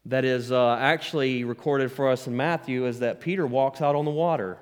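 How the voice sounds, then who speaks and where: A man's voice: mid-range voice, moderate pace, hardly any pauses, darkish tone, clear, resonant tone. A man pastor preaching a sermon with rising emphasis, asking the congregation to respond. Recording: long hall reverb.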